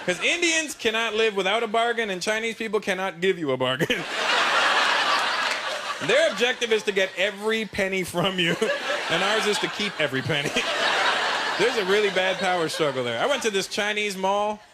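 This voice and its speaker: A man's voice: sits high, lively intonation, normal speed. A man doing a stand-up comedy routine on a live stage, brash and teasing as he chats with the crowd. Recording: live show with loud audience noise.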